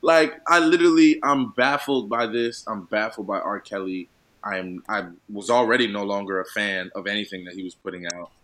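A man in his thirties, a professional football player, co-hosting a casual chat in an emphatic, animated, slangy way. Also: lowish voice.

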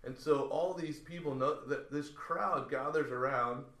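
A man guesting on a podcast narrates a casual story at a measured pace, his fairly high voice carrying some reverb. He's animated, voicing each person's lines as he goes.

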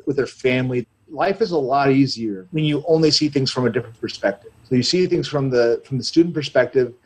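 A man's voice: mid-range voice, darkish tone, poor audio. A man in his thirties, a martial arts coach, talking casually on a podcast in an earnest, rambling way and acting out quoted exchanges. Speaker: jiu-jitsu coach and gym owner.

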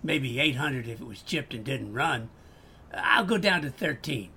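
A man's voice: lively intonation, unhurried, pushed and bright, a little hiss or hum. A man with a Boston accent playing an upbeat customer trying to sell a clock. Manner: salesy, upbeat pitching. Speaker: customer selling items.

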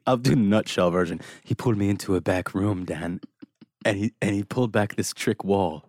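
A man's voice: lowish voice, moderate pace, dry recording, studio quality. A man chatting casually as a podcast host, telling stories with lots of acted-out quotes and frequent laughter. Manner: animated storyteller who acts out quotes and laughs often. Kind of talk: casual chat.

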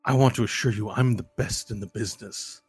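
A man's voice: lowish voice, fairly quick, a little mellow, husky, soft background music. A man voicing a polite, formal male bounty hunter in armor. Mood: courteous. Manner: formal, courteous.

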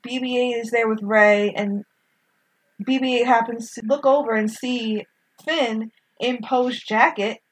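Animated woman recapping a film. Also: fairly high pitch, measured pace, breathy edge, rough recording. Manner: animated, gushing, acts out characters' lines. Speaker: podcast co-host. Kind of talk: casual film recap chat.

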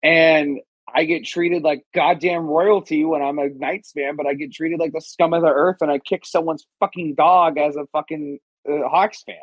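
A man's voice: a little high, fairly even intonation, normal speed, few pauses, no room sound, lo-fi sound. A man co-hosting a podcast, talking in a casual, profane and emphatic way. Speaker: podcast co-host. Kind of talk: casual chat.

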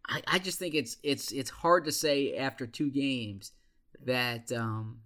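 A man co-hosting a casual sports podcast, speaking in a halting, self-conscious way. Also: medium pitch, pushed and bright. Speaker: podcast co-host.

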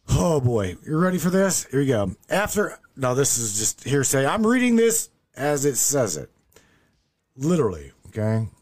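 A man hosting a podcast, reading the news aloud in a profane, sarcastic, rambling way. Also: a little high. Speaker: podcast host. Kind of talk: casual news commentary.

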